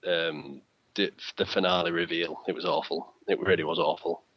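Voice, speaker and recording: A man's voice: deep voice, fairly even intonation, normal speed, no room sound, highs cut off. A man, co-hosting a casual chat, dry and teasing. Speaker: podcast co-host.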